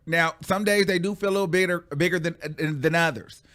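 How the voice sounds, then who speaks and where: A man hosting a casual pop-culture commentary show, talking in an animated, sassy way, stretching out words for effect and laughing often. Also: high voice, brisk.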